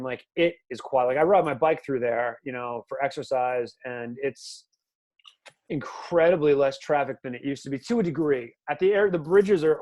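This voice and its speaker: A man's voice: medium pitch, a little mellow. A man in his thirties hosting a podcast in casual chat, rambling and loose, with lots of "like" and "you know". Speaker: podcast host.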